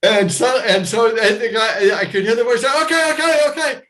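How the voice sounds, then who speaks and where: A middle-aged American man telling a personal story to a live audience, animated, jumping into loud high voices for the people in it. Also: normal speed, low-quality recording. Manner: animated, acts out his younger self and others with loud high shouts.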